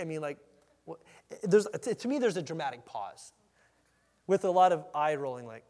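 Guy preaching in a big echoey church hall, high voice, chatty and animated. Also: normal speed, long pauses. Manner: animated, conversational, acts out the scene. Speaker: pastor. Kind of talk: expository sermon. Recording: long hall reverb.

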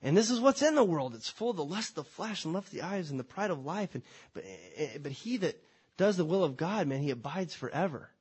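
Pastor, male, husky and a bit high-voiced, conversational preacher with rhetorical questions. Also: sing-song, a little fast, darkish tone. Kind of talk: sermon.

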